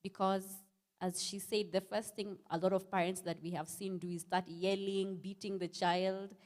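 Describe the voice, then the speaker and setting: A woman's voice: mid-range voice, little pitch movement, moderate pace, darkish tone. A woman moderating a church counseling panel, putting questions to the panelists in a conversational way.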